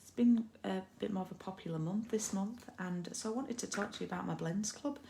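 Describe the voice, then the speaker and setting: A woman's voice: mid-range voice, fairly quick, creaky, mellow, a little hiss or hum. A British woman hosting a live card-making stream, chatting casually and rambling with lots of ums and asides. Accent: British English. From United Kingdom. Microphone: laptop or phone camera mic.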